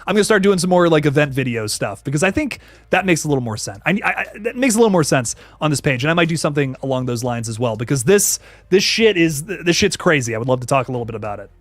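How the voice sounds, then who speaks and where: A young man hosting a casual horror livestream, slangy and animated, thanking viewers by name as he reads the chat. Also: fairly high pitch, fast, no echo. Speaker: horror channel host reading live chat.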